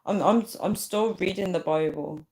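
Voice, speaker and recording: A woman's voice: fairly low pitch, normal speed, a little mellow. A young woman hosting a livestream, chatting casually and rambling as she reads out viewer comments, often breaking into giggles. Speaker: livestream host. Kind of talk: casual live chat reading comments.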